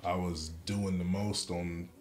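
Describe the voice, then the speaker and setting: Low-voiced man, casual profane storyteller, podcast guest. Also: level tone, slow pace, darkish tone. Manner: profane, storytelling, laughs while recounting. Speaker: guest, former pro football player.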